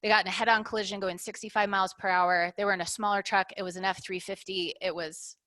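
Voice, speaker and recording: Here a woman of middle age who owns a business talks frankly in an interview, her voice medium in pitch, level, quick, pushed and bright, with no room sound. Reflective in manner, she leans on analogies and tends to end each point with "right?".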